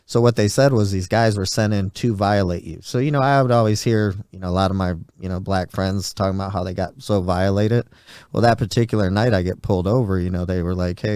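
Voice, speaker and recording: A man's voice: on the low side, a little mellow, clean tone, no room sound, clean studio sound. A podcast host in his forties telling a story in a rambling, casual way and acting out the voices of people he quotes. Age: 40s. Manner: rambling, acts out quoted dialogue.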